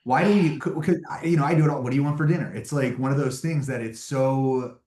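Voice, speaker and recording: A man's voice: medium pitch, steady tone, quick pace, darkish tone, roomy sound. A man taking part in an online coaching call, asking a casual question and thinking aloud. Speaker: call participant.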